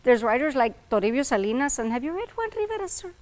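A woman voicing a quiet young male college student who speaks earnestly and casually, pleading his case. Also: sits high, sing-song, fast.

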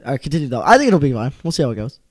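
A young man co-hosting a casual wrestling podcast, loud and animated, laughing often and bickering. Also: medium pitch, rapid-fire. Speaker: podcast co-host.

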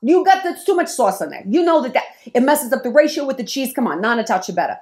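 A woman's voice: high voice, sing-song, fast talker, a little mellow. A woman putting on the voice of a nagging older woman who scolds someone about their cooking. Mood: scolding. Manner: bossy, fussing.

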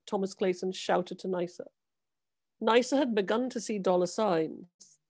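Woman author, literary reading, mid pitch, dry sound. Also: darkish tone, no echo. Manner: measured, dramatic storytelling. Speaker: author reading her novel.

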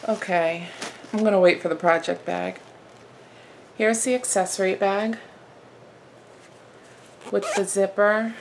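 A woman with a gravelly edge to her voice chats through a craft haul at home, excited and gushing, now and then slipping into a hushed whisper. Her pitch sits in the middle, and faint noise hangs under the camera mic. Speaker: flosstube host. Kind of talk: casual haul vlog.

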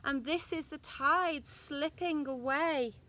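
Sitting high in pitch, an infant school teacher reads a picture book aloud to young children, with slight background noise behind her. She goes slowly in a sing-song, expressive way, leaning into the rhymes.

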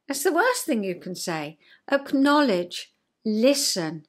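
A woman's voice: high voice, a little slow. An older woman hosting a casual chat, telling stories expressively in a homely way. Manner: expressive storyteller, acting out dialogue, homely. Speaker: host.

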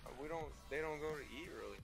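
A man's voice: on the high side, fast, vocal fry, loud music behind the voice. A man chatting and trash-talking with friends while playing an online shooter on a live stream. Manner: loose, trash-talking, swears freely. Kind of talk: casual gaming banter.

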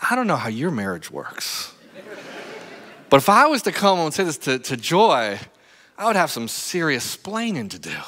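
A pastor delivering a storytelling sermon, his voice bright and lively, swinging widely in pitch. He keeps asking the crowd "right?" as the sound rings through a church hall with long reverb. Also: husky. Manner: animated, acts out stories, talks to the crowd with "right?". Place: church sanctuary.

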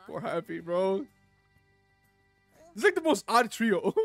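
A channel host giving casual commentary while reacting to an anime, excitable, laughing often and swearing freely. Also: mid-range voice, slow, creaky, faint music behind.

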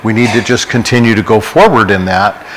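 A man's voice: lowish voice, a little fast, a bit bright, slight background noise, low-quality recording. A middle-aged man, a pastor leading a Bible study, preaching in an earnest, conversational way and weaving in personal stories. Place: church.

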